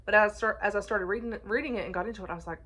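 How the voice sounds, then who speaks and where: A woman's voice: mid-range voice, racing, fairly bright tone, breathy edge. A woman chatting casually about books she read, talking in a rambling way with many restarts and small laughs. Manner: chatty, frequent restarts and fillers, laughs often. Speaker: book reviewer. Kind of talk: casual book review chat.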